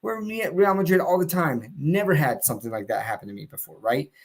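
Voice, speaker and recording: A man's voice: on the high side, expressive, fairly quick. A man on a live stream telling a long casual story, full of fillers and restarts, laughing now and then.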